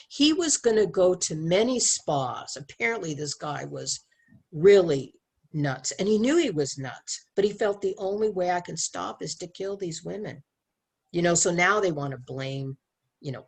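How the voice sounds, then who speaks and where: Husky low-voiced woman, earnest and animated. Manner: earnest, animated storytelling with frequent restarts. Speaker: sex educator. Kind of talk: casual conversation.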